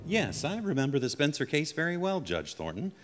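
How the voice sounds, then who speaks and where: An actor playing a measured, probing psychiatrist who calmly accuses a patient in a 1940s-style radio drama. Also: male voice, fairly high pitch, over loud music. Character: probing, calm psychiatrist doctor. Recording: old radio drama, reverberant.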